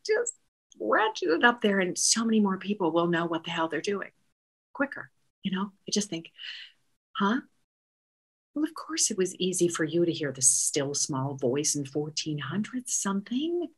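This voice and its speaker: A woman's voice: fairly low pitch, a bit bright, husky. A middle-aged woman performing a chatty, exasperated comic monologue aimed at the divine, with whispered asides. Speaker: comedic monologist.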